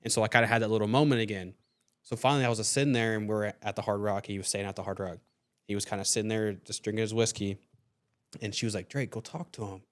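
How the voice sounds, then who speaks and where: Fast-talking young male podcast host. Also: fairly low pitch. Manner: fast, animated, swearing freely, acting out quotes. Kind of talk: casual storytelling chat.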